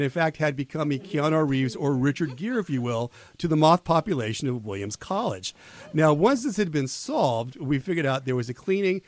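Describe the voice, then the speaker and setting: A man in his fifties hosting a college radio show, telling stories in a loose, rambling way with many restarts. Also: on the high side. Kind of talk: casual on-air chat. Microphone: studio microphone.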